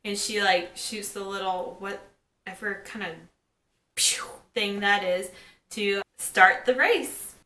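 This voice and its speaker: A woman giving a casual recap of a TV episode, chatting and quoting characters in quick asides. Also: mid-range voice, sharp tone. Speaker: TV episode reviewer. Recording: echoey room.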